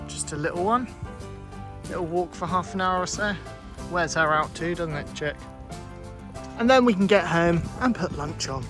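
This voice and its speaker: A man talking casually to camera in a vlog, thinking out loud in a chatty, easygoing way. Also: fairly high pitch. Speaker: vlogger.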